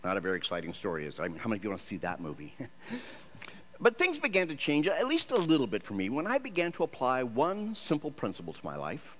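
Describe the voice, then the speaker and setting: A Christian actor from Michigan delivers a funny, story-driven sermon, poking fun at himself with plenty of jokes. His voice sits in the mid range.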